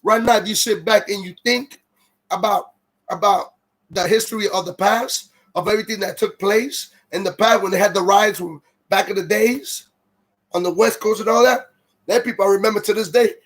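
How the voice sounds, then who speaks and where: A high-pitched man hosts his own livestream and delivers a heated, profanity-heavy rant at a moderate pace, with fairly even intonation. He keeps pausing to read viewer comments aloud, then launches back into his tirade.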